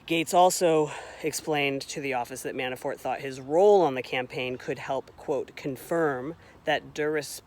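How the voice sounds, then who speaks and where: A man's voice: medium pitch, normal speed, hardly any pauses, a little mellow, a little hiss or hum. A man reading a long report aloud in a casual way, reading out the footnote numbers, correcting his own slips and adding wry asides. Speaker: reader of a report.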